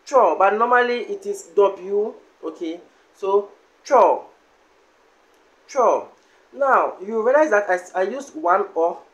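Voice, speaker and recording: Man, language teacher, unhurried, drills each word by repeating it. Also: high-pitched, fairly bright tone. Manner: repeats each word slowly several times. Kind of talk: slow language lesson with repeated words.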